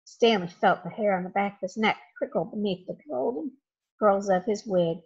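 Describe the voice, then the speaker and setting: A woman reading a children's chapter book aloud in an expressive, dramatic way. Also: mid-range voice, normal speed, gravelly, slightly rough. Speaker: storybook reader. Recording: dull lo-fi home recording.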